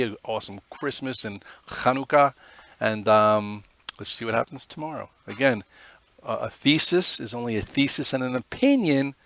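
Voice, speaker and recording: A man's voice: on the low side, a bit bright, dry recording. A middle-aged man giving a casual daily market recap, chatty and rambling in a conversational way. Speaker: market commentator and trader.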